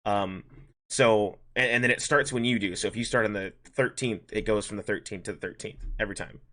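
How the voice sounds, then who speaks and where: A podcast host rambles quickly through a story from work in casual chat, acting out both sides of the dialogue. His voice is on the low side and a bit bright.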